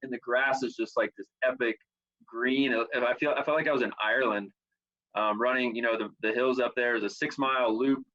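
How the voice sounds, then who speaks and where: A man answering interview questions over a video call, relaxed and rambling with plenty of fillers. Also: medium pitch, brisk, muffled recording. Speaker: guest athlete. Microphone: computer on a video call.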